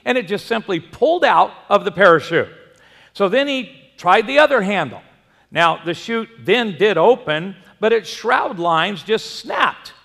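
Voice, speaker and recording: A man's voice: sits high, creaky, fairly bright tone, in a large hall. A man preaching a sermon, telling a folksy story and asking the congregation questions. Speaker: pastor.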